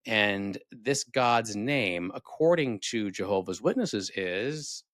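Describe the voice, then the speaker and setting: A man's voice: lowish voice, lively intonation, takes it slowly, a bit bright, dry recording, clean studio sound. A man hosting a video, giving sarcastic, rambling, critical commentary. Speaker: video host. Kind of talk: casual commentary.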